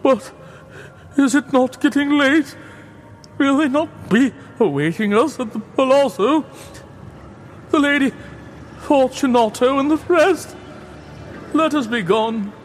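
A man voicing a frantic chained nobleman, with a shrill, quavering voice that keeps breaking into nervous laughter. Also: takes it slowly, pauses often, in a large hall, a little hiss or hum. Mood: hysterical laughing.

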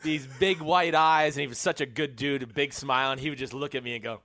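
A man's voice: medium pitch, steady tone, fast, pushed and bright. A man co-hosting a sports podcast, a former pro football player, talking in an easygoing storytelling way with many fillers. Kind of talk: casual sports podcast chat.

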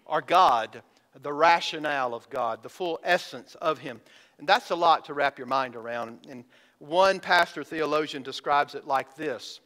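Bright-voiced preacher stretching words for emphasis. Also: male voice, on the high side, animated, normal speed. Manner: addresses congregation directly as folks. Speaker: pastor. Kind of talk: sermon.

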